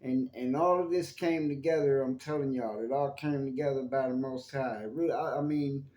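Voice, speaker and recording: Man, rambling casual monologue, warm mellow tone, roomy echo. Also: mid-range voice, fairly even intonation, moderate pace. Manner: rambling, chatty, addresses viewers as y'all. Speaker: YouTube channel host. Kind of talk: casual spoken monologue on faith.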